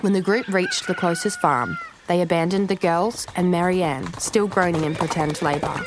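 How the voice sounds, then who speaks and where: Lively woman with a low-set voice. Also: normal speed, background noise. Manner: lively, expressive. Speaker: storyteller. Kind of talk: scripted narration for children. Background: soft music.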